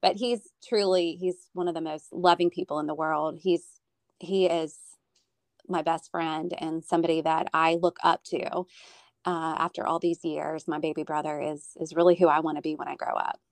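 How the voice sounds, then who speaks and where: A woman with a lowish voice and a gravelly edge talks in relaxed, chatty fashion, often restarting her sentences. The sound is dry and close, with no room around it. She tells family stories in a warm, rambling way. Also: normal speed, dry recording. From Florida. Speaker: guest. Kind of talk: casual chat. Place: Northern Virginia.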